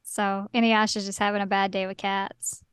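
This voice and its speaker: A woman's voice: mid-range voice, level tone, normal speed, clear, resonant tone, dry recording, studio quality. A woman co-hosting a casual recap chat, tossing in playful, jokey remarks. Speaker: podcast co-host.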